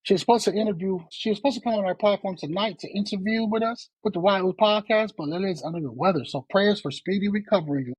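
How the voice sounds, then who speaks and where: A man's voice: high voice, quick pace, hardly any pauses, slightly rough, no echo, rough recording. A man co-hosting a podcast in a laid-back, casual way, often tacking "man" onto his sentences. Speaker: podcast co-host.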